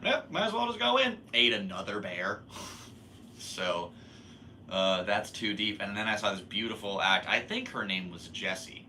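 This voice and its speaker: A man's voice: low-pitched, pushed and bright, slight background noise. A young man hosting a podcast, telling a long story in a rambling, laid-back way and laughing at himself. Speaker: podcast host. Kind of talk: casual storytelling monologue.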